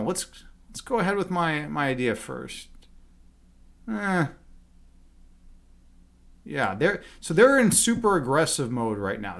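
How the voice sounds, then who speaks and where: A man's voice: mid-range voice, gravelly. A man chatting casually on a livestream as a chess instructor. He rambles and fills his talk with "like" and "you know". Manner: talks loudly at times.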